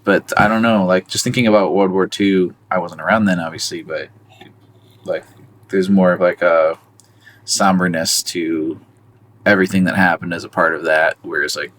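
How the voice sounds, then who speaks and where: A man's voice: low voice, fairly even intonation, moderate pace, fairly bright tone, slight background noise. A man co-hosting a podcast in a casual movie chat, rambling and hesitant, with lots of "um" and "like". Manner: rambling, hesitant, full of fillers. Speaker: podcast co-host. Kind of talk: casual film discussion.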